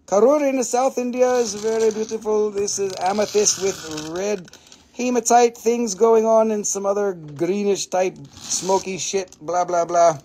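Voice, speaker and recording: A man hosting a live crystal sales stream, excitable and gushing, with casual swearing as he rattles off prices. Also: sits high, a little slow, a little hiss or hum.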